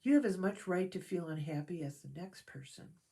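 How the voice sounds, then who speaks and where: A woman reading the part of a kind little male piglet in a storybook, speaking gently and reassuringly. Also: lowish voice, lively intonation, moderate pace, creaky, slightly rough, exaggerated voice.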